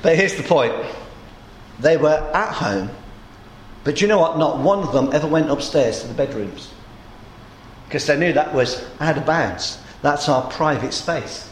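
A man preaching a sermon in a conversational storytelling way, his voice a little groggy and hoarse. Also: a little high, expressive, a little slow, echoey room, a little hiss or hum.

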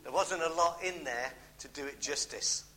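A man's voice: on the high side, normal speed, pushed and bright, low-quality recording. A middle-aged man with a British accent preaching a sermon, emphatic, repeating key phrases and adding homely asides.

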